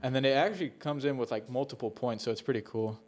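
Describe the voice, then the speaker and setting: A man's voice: mid-range voice, fast. A young man co-hosting a casual podcast chat, rambling and swearing often, with laughs slipping into his sentences. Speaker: podcast co-host.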